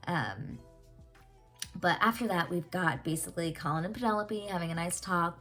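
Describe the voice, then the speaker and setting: A young woman hosting a casual TV reaction vlog, rambling and animated with lots of fillers and casual swearing. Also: fairly low pitch, moderate pace, faint music behind. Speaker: reaction channel host.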